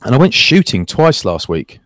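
A man co-hosting a casual podcast, chatty and teasing, telling stories with lively asides. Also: mid-range voice, moderate pace, dry recording, clean studio sound. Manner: teasing, chatty, animated storyteller. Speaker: co-host, rugby commentator.

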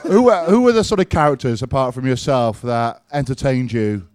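A man's voice: mid-range voice, expressive, moderate pace, a little mellow, clean tone, no room sound. A man hosting a live chat show, teasing his guests and swearing casually as he asks questions. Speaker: host. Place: crowded live-show venue.

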